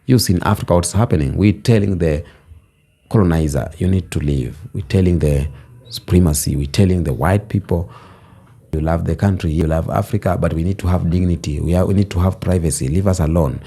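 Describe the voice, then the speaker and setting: A man's voice: low voice, fairly quick, warm tone, breathy edge. A man delivering a passionate vlog monologue, emphatic, building his points with repeated phrases in a preaching cadence. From Kenya. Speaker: vlogger. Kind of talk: passionate social commentary monologue.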